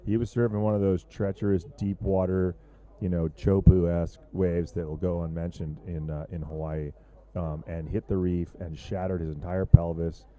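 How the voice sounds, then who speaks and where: A man calling a surf contest live, his voice low and very dark in tone. He talks in a loose, joking way, rambling through plenty of fillers as he chats with his co-host. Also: level tone, normal speed, highs cut off. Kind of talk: live sports commentary.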